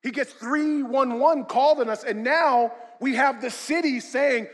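Male pastor, sermon delivery, shouts and hushes, long echo around him. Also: very high voice, moderate pace, few pauses. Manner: swings from loud shouted emphasis to quiet storytelling. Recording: long hall reverb.

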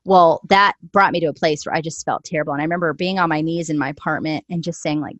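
A woman's voice: low-pitched, steady tone, fast, hardly any pauses, fairly bright tone, dry recording, highs cut off. A woman in her forties telling an emotional personal faith story as an interview guest, earnest and full of "like.". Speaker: guest author.

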